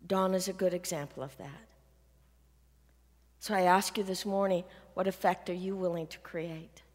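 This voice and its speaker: A woman's voice: fairly low pitch, fairly even intonation, normal speed. Woman preaching in an echoing hall. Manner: earnest storytelling, quotes others, drops to near-whisper at emotional points. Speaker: minister. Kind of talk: sermon. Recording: long hall reverb.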